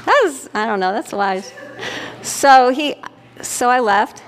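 A middle-aged pastor's wife preaches to a congregation in a church sanctuary, telling stories candidly and conversationally and often checking in with "right?" Her fairly high voice is animated but slow-paced, with a crowd audible and long church-hall reverb.

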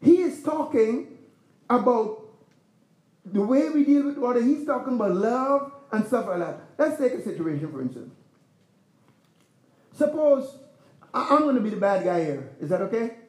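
Pastor, male, very high voice, chatty preaching with asides to the congregation, church echo. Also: sing-song, moderate pace, long pauses, a little mellow. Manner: conversational preaching with laughs and rhetorical questions. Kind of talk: sermon.

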